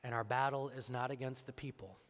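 A man preaching from the pulpit, his voice carrying with a long reverb through the church. He tells a story with lively quoted dialogue at a middle pitch, then moves into earnest, quiet exhortation. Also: fairly quick. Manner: storytelling, acting out both sides of a dialogue. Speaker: pastor. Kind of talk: sermon.

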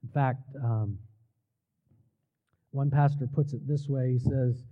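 A man preaching a sermon, slowing down for emphasis and dropping his voice to near quiet at key words. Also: mid-range voice, fairly even intonation. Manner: preaching with slow, emphatic pauses and dramatic drops in volume. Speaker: pastor. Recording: tinny phone-like sound.

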